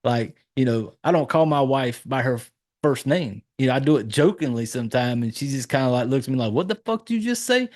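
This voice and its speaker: A man talking loosely and profanely about a film, his voice at an ordinary middle pitch. He keeps jumping up in pitch to act out lines from the movie. It sounds like casual podcast chat with a married guy. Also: fairly quick, darkish tone. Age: adult, married. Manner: loose, profane storytelling, acting out lines in a raised voice. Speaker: podcast host reviewing a horror film.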